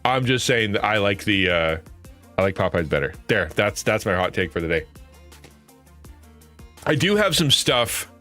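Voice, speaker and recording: Bright-voiced rambling male streamer. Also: brisk, soft background music. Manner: rambling, self-correcting, jumps to high excited pitch. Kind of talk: casual chat.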